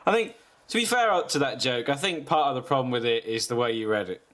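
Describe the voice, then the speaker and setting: Playful, teasing man with lively pitch. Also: fast. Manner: playful, teasing, sweary banter. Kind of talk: casual comedic chat.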